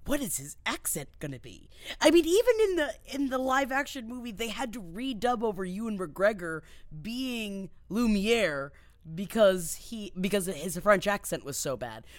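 Levendige vrouw in een droge opname. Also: female voice, mid-range voice, no echo. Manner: animated, quick bursts, self-mocking jokes. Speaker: podcast co-host. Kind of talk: casual pop-culture chat.

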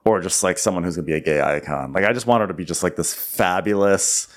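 A man co-hosting a comedy podcast, recapping a TV episode and jumping into mocking character voices. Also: fast. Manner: playful, mimics characters in high voices. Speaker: podcast co-host.

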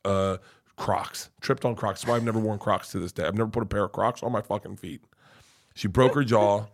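A middle-aged man telling a long story as a podcast guest, cursing freely and swinging from hushed to loud. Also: on the low side, fairly even intonation, brisk. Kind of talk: casual storytelling.

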